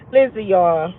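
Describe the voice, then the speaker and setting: A woman hosting her own vlog, talking frankly and emphatically to viewers, repeating lines for stress. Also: mid-range voice. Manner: frank and profane, heartfelt. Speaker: channel host. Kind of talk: candid vlog talk to viewers. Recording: tinny phone-like audio.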